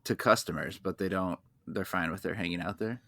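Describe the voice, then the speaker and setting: Low, deadpan podcast man. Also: a little fast, gravelly, dry recording. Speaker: podcast co-host. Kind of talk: casual podcast chat.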